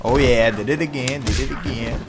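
A man giving casual, excitable, profane commentary while playing online ranked fighting-game matches. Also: medium pitch, fairly quick, very noisy. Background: fighting game music and sound effects.

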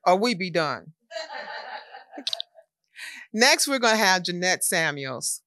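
Bright-toned woman hosting an event. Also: lowish voice, very animated, slow pace, no echo, studio quality. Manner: joking, chatty. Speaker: event host.

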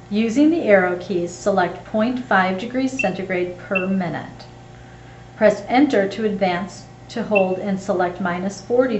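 A woman giving scripted, step-by-step instructional narration in a clear, measured way. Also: medium pitch, roomy sound, a little hiss or hum, poor audio.

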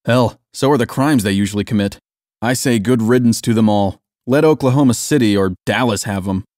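A man's voice: mid-range voice, brisk, no room sound, clean studio sound, lightly acted. A man voicing a scornful, bossy police lieutenant who speaks curtly and with contempt. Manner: curt, contemptuous, shouting.

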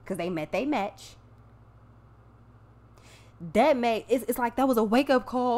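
A woman's voice: a little high, measured pace, long pauses, darkish tone. A woman giving a casual tarot reading, talking bluntly and emphatically with plenty of swearing. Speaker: tarot reader.

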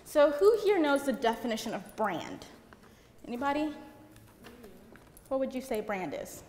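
A young woman giving a seminar talk, fast and chatty, laughing often, through a mic in a conference hall. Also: high voice, sing-song, a little mellow. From United States. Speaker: seminar presenter. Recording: echoey hall with faint noise.

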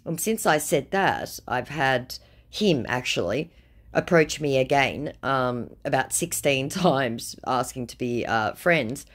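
A woman's voice: very deep voice, expressive, slow pace. A woman giving a casual vlog update in a wry, amused and dismissive tone. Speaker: video creator.

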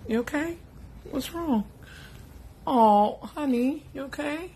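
A mother gently asking her child what's wrong in a casual home prank video. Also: sits high, expressive, slow. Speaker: parent.

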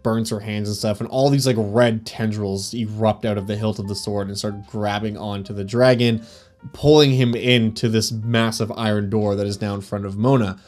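A man working as dungeon master, casually recounting a tabletop game session with animated, laughing delivery. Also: mid-range voice. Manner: animated, laughing, frequent fillers. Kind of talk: casual game recap storytelling.

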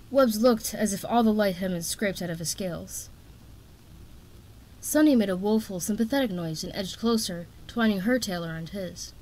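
A woman reading a fantasy novel aloud. Her narration is steady and expressive, at an average pitch for a woman. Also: normal speed. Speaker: audiobook reader.

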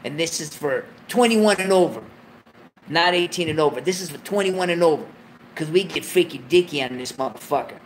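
A man's voice: a little high, lively intonation, a little fast, slight background noise. A man hosting a late-night livestream, talking casually, full of slang and profanity and joking between laughs. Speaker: livestream host.

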